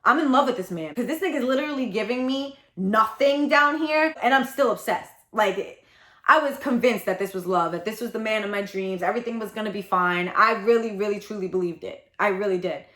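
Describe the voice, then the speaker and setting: A woman's voice: medium pitch, brisk, fairly bright tone, reverberant. A woman telling a personal story in a blunt, profane, heated way, as a vlogger. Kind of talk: casual confessional storytelling.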